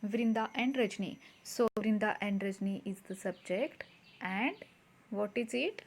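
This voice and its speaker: A woman's voice: medium pitch, unhurried. A woman teaching a grammar lesson to schoolchildren, patiently repeating points and quizzing the class.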